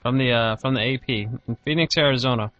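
A man's voice: mid-range voice, fast, dry recording, dull audio. A man co-hosting a casual talk show, reading a news item plainly with some stumbles.

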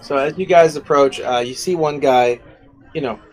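A man's voice: fairly high pitch, normal speed, a little mellow, soft background music, rough recording. A man narrating a tabletop game as game master, casual and rambling.

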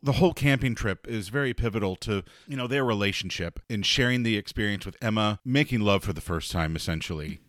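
A man's voice: lowish voice, brisk, few pauses, fairly bright tone, dry recording. Frank, chatty man on a dry mic. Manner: frank, chatty, swears freely. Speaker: podcast co-host. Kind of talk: casual book discussion.

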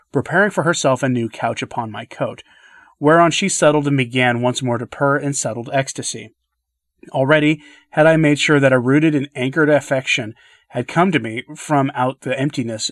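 Guy reading an old essay, steady earnest delivery, mid pitch, dry close sound. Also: dry recording. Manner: measured, earnest literary reading with soft drops. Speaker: podcast reader. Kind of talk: reading a classic essay aloud.

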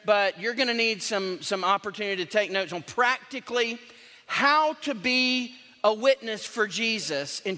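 Bright-voiced pastor preaching. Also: male voice, high voice. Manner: conversational, joking, emphatic preaching. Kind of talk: sermon. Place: church sanctuary. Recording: long church hall reverb.

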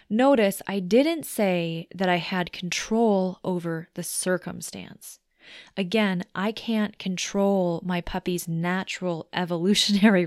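A woman's voice: on the low side, no room sound, clean studio sound. A woman hosting a solo self-help podcast. She talks in a conversational, reflective way and explains things step by step. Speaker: podcast host.

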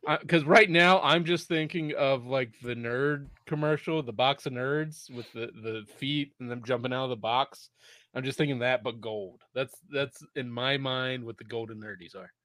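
A man co-hosting a casual live podcast, telling stories with lots of swearing and loud mimicked voices. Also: medium pitch, moderate pace, dry recording. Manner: profane, animated storytelling with loud put-on voices. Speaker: podcast co-host. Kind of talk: casual chat.

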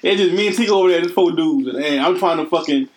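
A young man telling a story in casual chat, excited and profane, laughing often. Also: fairly high pitch, fast talker. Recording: faint background noise.

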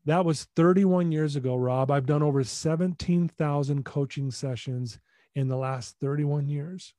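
A man telling a personal story as a podcast guest, in an emphatic, animated way. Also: medium pitch, unhurried, no echo, studio quality.

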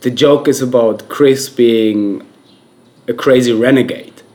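A man co-hosting a casual podcast, earnestly explaining his view with halting restarts. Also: medium pitch, fairly even intonation, warm tone. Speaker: podcast co-host. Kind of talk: casual chat.

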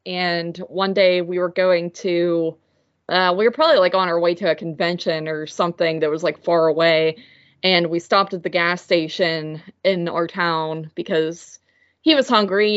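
Rambling woman telling a story, lo-fi. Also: on the low side. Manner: rambling storyteller, heavy filler "like", mimics voices. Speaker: podcast co-host. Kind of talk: casual chat.

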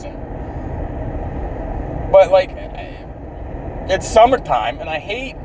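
A man's voice: sits high, a little mellow, distant mic, slight background noise, poor audio. Bitter, foul-mouthed Canadian man ranting. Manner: bitter, profane, swearing constantly. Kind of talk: profane outdoor rant.

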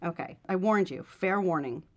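A woman co-hosting a casual chat podcast, telling stories in an animated, quick way. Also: fairly low pitch. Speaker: podcast co-host.

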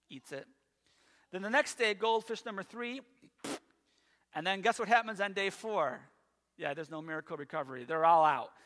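A high, bright-toned man preaching in a church, his voice trailing off into a long hall reverb. He tells stories animatedly, tossing in quick asides. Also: vocal fry. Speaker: pastor. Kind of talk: sermon. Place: church sanctuary.

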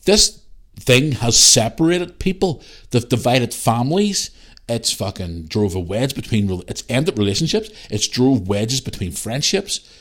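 A man's voice: mid-range voice, a little slow. A man, hosting a podcast and ranting in heated, swear-filled storytelling. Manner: heated storytelling, heavy swearing, animated re-enacted dialogue. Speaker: podcast host. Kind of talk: casual ranting monologue.

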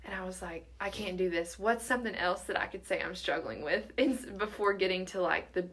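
A woman's voice: lowish voice, fairly quick, a bit bright, slightly rough. A college-aged woman earnestly telling a personal faith story in casual chat, often quoting her own thoughts. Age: around 20. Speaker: guest sharing testimony.

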